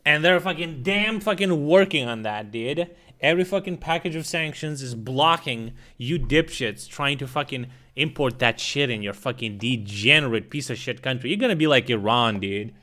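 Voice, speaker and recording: A man streaming reaction commentary, swearing and ranting in loud outbursts. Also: mid-range voice, animated, moderate pace, hardly any pauses.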